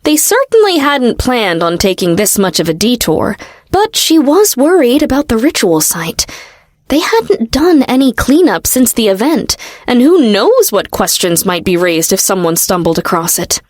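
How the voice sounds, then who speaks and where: A woman narrating a fantasy audiobook in a steady, expressive storytelling manner. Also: a little high, moderate pace, dry recording, clean studio sound. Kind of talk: scripted narration.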